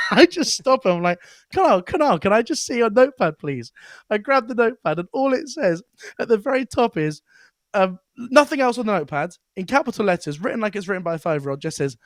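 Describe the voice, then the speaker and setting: A man chats on a podcast, spinning anecdotes with animated energy and laughter at the punchlines. His voice sits somewhat high. The sound is dry and close. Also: dry recording. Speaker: comedian and podcast guest. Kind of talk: casual podcast chat.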